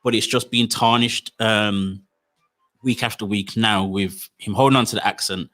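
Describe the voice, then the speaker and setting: Dude co-hosting, bright voice, keeps tripping over his words and restarting. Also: fairly low pitch, moderate pace. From United Kingdom. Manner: animated, stammering restarts, slangy. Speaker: podcast co-host. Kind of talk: casual chat.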